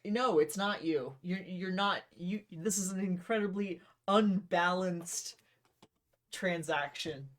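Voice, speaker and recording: A woman's voice: lowish voice, takes it slowly. A woman co-host chatting casually, laughing often and swearing with emphasis. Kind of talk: casual chat.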